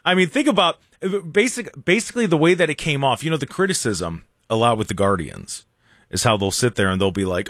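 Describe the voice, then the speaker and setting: Chatty sports radio guy, kinda high voice, dry close mic, rambles and jokes. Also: brisk, no room sound. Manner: excitable, rambling, sarcastic. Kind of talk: casual sports talk.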